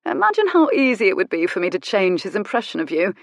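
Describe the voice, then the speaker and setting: A woman's voice: mid-range voice, big pitch swings, fast, no echo, clean studio sound. A woman reading an audiobook, voicing a smug, cruel aristocratic man in a self-satisfied, sneering manner. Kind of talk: audiobook character voice.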